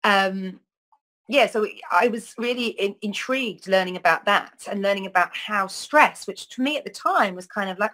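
A woman's voice: mid-range voice, moderate pace, a bit bright, poor audio. A middle-aged woman, talking casually to camera about wellness, rambling with many ums and restarts. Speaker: wellness talk host. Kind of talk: casual spoken talk to camera.

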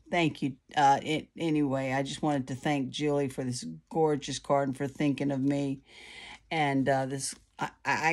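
A low-pitched woman talks casually into her phone at home. She rambles warmly through fillers and restarts, showing off crafts to viewers. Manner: chatty, many fillers and restarts. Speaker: card-making vlogger. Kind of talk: casual chat to camera. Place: at home, indoors. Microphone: phone camera.

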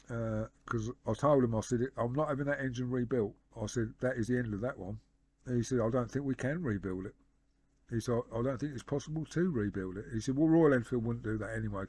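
A man's voice: medium pitch, warm tone, dry recording. A man vlogging about his motorcycle, casually retelling a phone conversation with lots of "he said" and "I said". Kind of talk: casual storytelling to camera.

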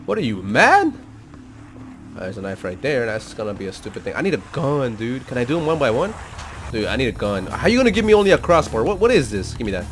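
Excitable man with a lively, swinging voice. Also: mid-range voice, quick pace, slight background noise. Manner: excitable, jumps into loud outbursts, slangy. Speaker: gaming channel host. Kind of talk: let's-play gameplay commentary.

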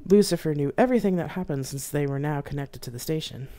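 Woman author, low voice, expressive first-person reading live on stream. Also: fast. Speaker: author reading her novel. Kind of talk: live reading of her own sci-fi novel. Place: home streaming setup.

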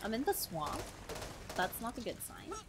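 A woman chatting excitedly through a co-op shooter game, shrieking and repeating herself when things go wrong. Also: on the high side, normal speed, noisy background. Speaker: gaming streamer. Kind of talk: excited gameplay chat.

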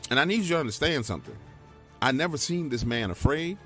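Animated man telling a scary story. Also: medium pitch, quick pace, faint music behind. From Louisiana, US. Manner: emphatic, animated, talks straight to the listener. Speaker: guest telling his own encounter.

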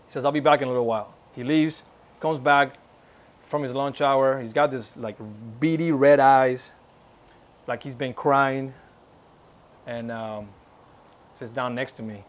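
A man gives an earnest, exhorting testimony at church, reenacting conversations and pressing his listeners onward. He speaks in a mid-range, steady tone, unhurried, with long pauses.

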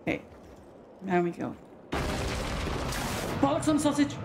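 A young British woman chatting her way through a game, gushing and easily excited. Her voice sits a little high and swoops around a lot, with a faint hiss of noise underneath. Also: a little slow. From Britain. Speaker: gaming streamer. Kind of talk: casual gameplay commentary.

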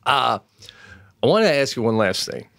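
A middle-aged man co-hosting a casual podcast chat, telling stories with loud acted-out quotes and plenty of swearing. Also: medium pitch, normal speed, creaky, dry recording, clean studio sound. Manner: animated storyteller, acts out loud quotes, swears freely. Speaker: podcast co-host. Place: home studio.

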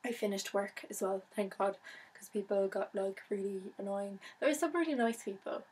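A woman's voice: medium pitch, moderate pace, a little mellow, husky, poor audio. A young woman chatting casually to camera in her vlog, bubbly and talkative. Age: young adult. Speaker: vlogger.

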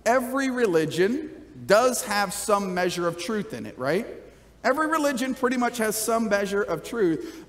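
Guy pastor preaching, chatty, keeps going "right?", pretty high voice, long church reverb. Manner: conversational, keeps asking "right?", jokes with congregation. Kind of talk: sermon. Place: church sanctuary.

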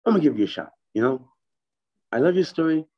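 A man putting on the voice of a blunt male retail businessman who talks gruffly and swears. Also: fairly high pitch, lively intonation, quick pace, lo-fi sound, voice pushed up. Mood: emphatic.

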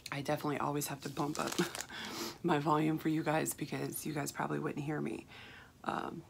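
A woman, chatting casually and softly as a vlogger, rambling with fillers, her voice rough and froggy. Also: low-pitched, flat delivery, brisk. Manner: soft-spoken, rambling with fillers and restarts. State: rough, froggy voice with throat clearing. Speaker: craft haul vlogger. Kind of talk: casual chat. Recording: clear background hiss, crinkling packaging.

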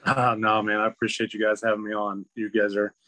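A man's voice: lowish voice, monotone, brisk, sharp tone, dry recording. A man joining a podcast as a guest, speaking politely and modestly. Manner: polite, humble. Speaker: podcast guest, dog trainer. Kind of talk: casual podcast chat. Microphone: phone call.

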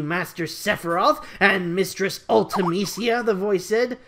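High-voiced young man reading fan fiction. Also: unhurried, vocal fry, hardly any pauses, crowd noise. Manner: reads in a plain voice, stumbling over words.

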